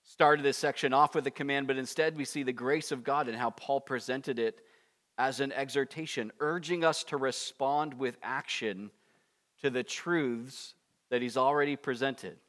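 A man preaching a conversational expository sermon, with animated asides and acted-out prayers. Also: mid-range voice, moderate pace. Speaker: pastor.

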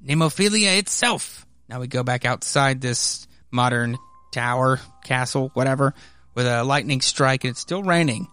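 A man's voice: medium pitch, moderate pace, pushed and bright, smooth. A man hosting a casual comic book podcast, narrating and chatting in a loose, rambling way. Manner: rambling, loose, many fillers and restarts. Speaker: podcast host.

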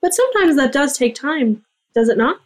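A woman's voice: high-pitched, sing-song, fairly quick, voice pushed up. A woman voicing a polite, formal female afterlife attendant with prim manners.

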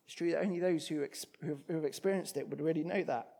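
Expressive male preacher, higher voice. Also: fast talker, vocal fry. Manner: expressive, shifts from loud emphatic to hushed. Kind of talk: sermon.

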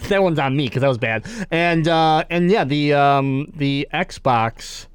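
A male podcast host with a slightly high voice, chatting loosely and laughing often between jokes. He reads out quotes in a casual, offhand way. The sound is dry and close. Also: clean tone, no room sound.

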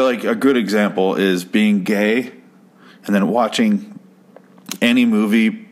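A man with a lowish voice rants through a show recap in loose, casual commentary. He swears often, trails off and restarts, and sounds openly exasperated with the characters. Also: steady tone, takes it slowly, pauses often. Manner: profane, exasperated, rambling with restarts.

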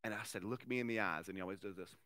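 Earnest bright-voiced male pastor preaching. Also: lowish voice, rapid-fire. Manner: earnest, swinging from forceful to very soft. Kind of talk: sermon.

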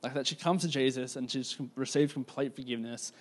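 This preacher sounds conversational and steady in his mid-range voice, peppering his storytelling sermon with "like" fillers. When a point matters, he slows his delivery to emphasize it.

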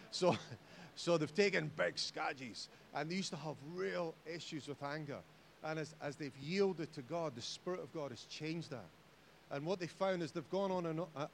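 Scottish pastor preaching, jokey then loud and fired up, voice a bit high, faint hiss. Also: male voice. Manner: animated, jokey, rising to loud exhortation. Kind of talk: sermon. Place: church hall.

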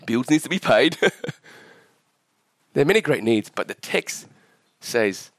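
A man's voice: very animated, slow pace, pauses often, no room sound, clean studio sound. A man in his forties, originally from Vietnam, preaching a sermon in a church while sick and coughing, impassioned and often asking the congregation questions. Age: 40s. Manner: impassioned, rising in pitch at climaxes, asks the crowd questions. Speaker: pastor.

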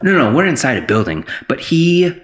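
A man's voice: medium pitch, big pitch swings, normal speed, a bit bright. A young adult man in casual chat, laid-back and saying dude often.

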